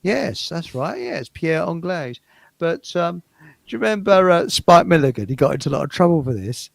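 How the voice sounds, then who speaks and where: A man's voice: fairly high pitch, very animated, normal speed, gravelly, no room sound. A man hosting a casual chat show, rambling through jokes and laughing at his own stories. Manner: chuckling, rambling joke-teller. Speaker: show host.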